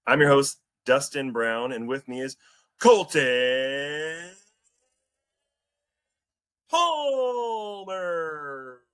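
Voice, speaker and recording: A man with a middle-pitched voice hosts a casual sports podcast. His delivery is relaxed and easygoing, full of jokes and friendly banter. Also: normal speed, hardly any pauses. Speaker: podcast host.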